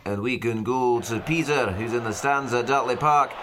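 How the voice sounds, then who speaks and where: A man's voice: mid-range voice, normal speed, over music, natural voice. An actor playing a dry, exasperated male studio presenter of a football broadcast. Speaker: studio anchor.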